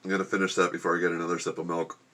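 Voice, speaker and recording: A man's voice: deep voice, little pitch movement, very fast, sharp tone. Man groaning through spicy food. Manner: groaning and complaining while eating spicy food. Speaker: vlogger. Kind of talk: casual vlog to camera. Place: home room with a gecko habitat.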